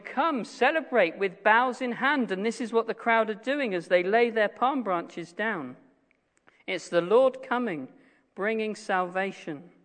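A man preaching a sermon, earnest, slowing down and dropping his voice to stress key phrases. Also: high voice. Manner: earnest, slows and drops to a hush on key phrases. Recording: long reverb of a hall.

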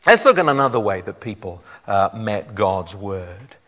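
A man's voice: on the low side, big pitch swings, normal speed, a bit bright. A man preaching a sermon, reading scripture aloud and then explaining it to his congregation. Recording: long hall reverb.

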